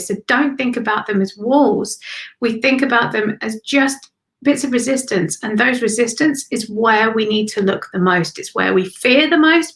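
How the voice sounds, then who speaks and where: A woman giving live intuitive card readings, speaking slowly and soothingly, repeating phrases and often dropping to a whisper. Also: fairly high pitch, a bit bright, rough recording.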